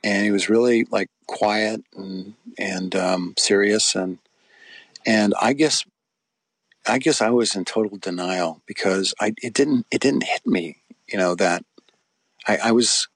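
A man's voice: fairly low pitch, unhurried, dry recording. A middle-aged man, an interview guest, recalling his acting years in a rambling, anecdotal way with many fillers and restarts. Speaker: interview guest, former soap actor. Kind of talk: casual interview storytelling.

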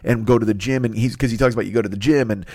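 A man's voice: on the low side, steady tone, racing, a little mellow, dry recording, studio quality. A man in his fifties, a podcast host, riffing in a rambling, profane comedic rant and acting out silly voices. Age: 50s.

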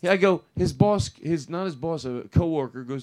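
A man's voice: a little high, normal speed, a little mellow, faint music behind. A man hosting a comedy podcast, riffing and acting out quoted bits of people. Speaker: podcast host.

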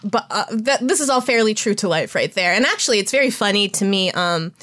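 A woman co-hosting a podcast in casual chat, excited and rambling, laughing often and restarting her sentences. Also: mid-range voice, brisk. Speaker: podcast co-host.

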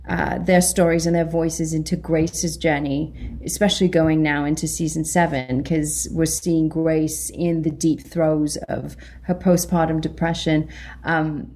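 A young British woman, an actor, chatting in an interview, excitable and self-deprecating, often laughing. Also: lowish voice. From Britain. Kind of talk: interview chat.

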